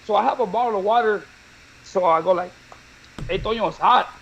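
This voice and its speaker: Male co-host, high voice, lively laughing storyteller, slightly muffled studio sound. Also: fairly quick, creaky, slight background noise. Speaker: show co-host. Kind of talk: casual storytelling chat.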